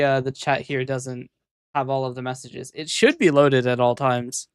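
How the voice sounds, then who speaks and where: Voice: mid-range voice, moderate pace, clean tone, no room sound, clean studio sound. A VTuber streamer chatting casually on a live stream, rambling and hesitant, often muttering to themself.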